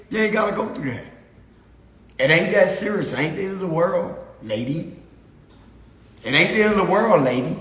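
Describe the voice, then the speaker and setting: A man's voice: high voice, fairly bright tone, echoey room. A man giving a casual spiritual reading, rambling and slangy and laughing often. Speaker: spiritual card reader.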